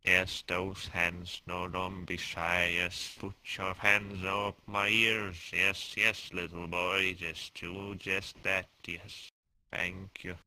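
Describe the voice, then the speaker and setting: A man voices a creepy coaxing figure with a very deep, flat voice. He speaks slowly and insistently, with a dark timbre. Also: dry recording, heavily acted, poor audio. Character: creepy slow-talking man luring a boy.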